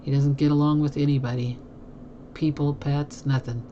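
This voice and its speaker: A chatty live streamer talks loosely with viewers from a home desk and laughs often. The voice sits at an ordinary middle pitch, with a faint hiss behind it. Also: level tone, normal speed, dark tone, dull audio. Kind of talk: casual chat with viewers.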